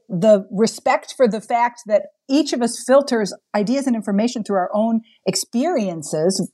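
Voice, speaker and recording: A woman's voice: medium pitch, a little mellow. A woman speaking as a guest in a conversational interview, earnest and emphatic.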